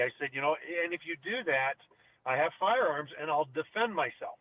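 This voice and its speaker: A man's voice: a little high, normal speed. A middle-aged man telling a long story in casual chat, rambling with lots of fillers and restarts. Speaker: podcast co-host. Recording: dry, phone-like narrow sound.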